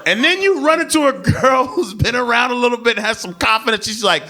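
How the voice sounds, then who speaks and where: A man doing crude live stand-up comedy on a club stage, swinging between shouted bits and low asides to the audience. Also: lively intonation, fairly quick, hardly any pauses. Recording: live club recording with loud crowd laughter. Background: audience laughter.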